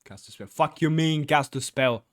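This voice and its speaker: A man's voice: fairly high pitch, moderate pace, a bit bright. A man playing through a gamebook, reading it aloud with rambling commentary, many fillers and blurted swearing. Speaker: gamebook let's-player.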